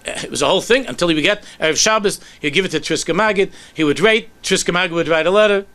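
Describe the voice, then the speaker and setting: A man, a rabbi, telling a story in a sermon with animated delivery that sinks to soft, low tones. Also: quick pace.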